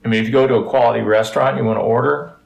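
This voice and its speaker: A man's voice: medium pitch, fairly even intonation, racing, gravelly, muffled recording. A man in casual podcast chat, jokey and prone to silly tangents. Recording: roomy echoey room.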